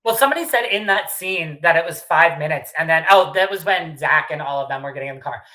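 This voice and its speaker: Low, bright-voiced woman recapping reality TV. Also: fast, rough recording. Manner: blunt, swears freely, animated asides. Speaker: podcast co-host. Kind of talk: casual recap chat.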